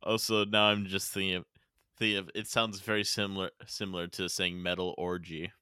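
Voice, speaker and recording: A man's voice: low-pitched, little pitch movement, brisk, sharp tone, smooth. A man co-hosting a casual podcast, joking with dry asides. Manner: laughs often, joking asides. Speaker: podcast co-host.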